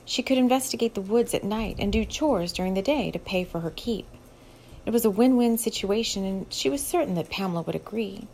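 A woman reading a novel aloud as an audiobook narrator, in a steady, measured storytelling voice. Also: medium pitch, creaky, slight background noise. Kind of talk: scripted narration.

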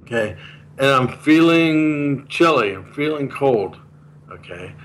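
A man's voice: medium pitch, animated, takes it slowly, fairly bright tone, slight background noise, low-quality recording. A man being interviewed, earnestly explaining a communication method and repeating the key points in a casual chat. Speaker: guest explaining a communication course.

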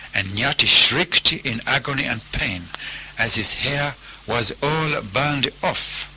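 A man telling a folk tale as storybook narration, in a measured way. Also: medium pitch, sharp tone, a little hiss or hum, rough recording.

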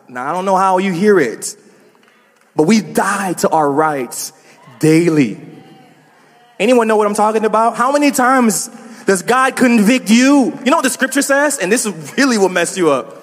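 A man's voice: sits high, big-room sound. A man preaching a sermon as a pastor, talking casually to the congregation with asides and laughs.

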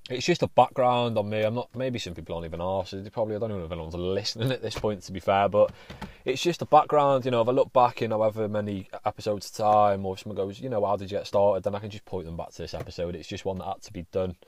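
Rambling low-voiced podcast host. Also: male voice, quick pace, no room sound. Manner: rambling, chatty, swears casually, frequent restarts. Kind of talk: casual solo podcast monologue.

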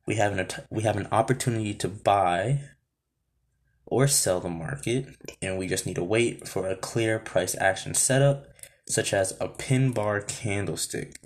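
A man explaining trading chart setups in a steady, methodical way, now and then breaking off to talk to himself. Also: fairly low pitch, measured pace. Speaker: trading educator.

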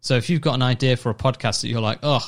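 A man co-hosting a casual radio-style show, chatty and easily excited. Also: medium pitch, very fast. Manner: chatty, excitable, cooing over fireworks. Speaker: podcast co-host.

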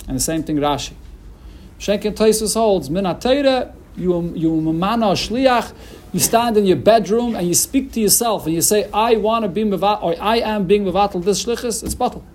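A man's voice: sits high, moderate pace, a little mellow, a little hiss or hum. A man teaching a Talmud lesson in English mixed with Hebrew and Aramaic terms, explaining with frequent restarts. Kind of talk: Talmud lecture.

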